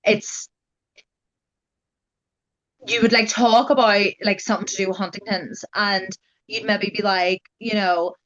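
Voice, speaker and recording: A woman's voice: medium pitch, steady tone, measured pace, pauses often, a bit bright, lo-fi sound. A young adult woman, telling her story as a guest in a casual, chatty way, full of "like" and "you know". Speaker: guest sharing her genetic testing experience.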